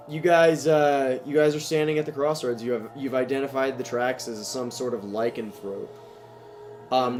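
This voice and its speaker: A man with a medium-pitched voice narrates a tabletop game as game master, speaking haltingly with many fillers and restarts.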